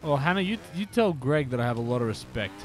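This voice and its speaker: A man's voice: mid-range voice, big pitch swings, quick pace, slight background noise. A man streaming a motorbike game, chatting playfully with viewers and dropping into whispers now and then. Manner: playful, teasing chat with viewers, drops into whispers. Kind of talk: casual live-stream chat.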